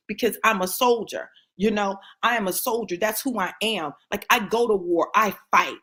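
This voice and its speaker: A grandmother delivers an impassioned, preacher-style testimony as a motivational speaker, repeating phrases for emphasis and asking "right?" to check in. Her mid-range voice is a bit bright with a slight roughness.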